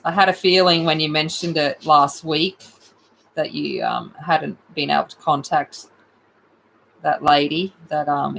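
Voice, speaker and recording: Australian woman, livestream host, unhurried rambling chat, bright tone. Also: low voice, vocal fry, a little hiss or hum, rough recording. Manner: chatty, rambling, with excited outbursts.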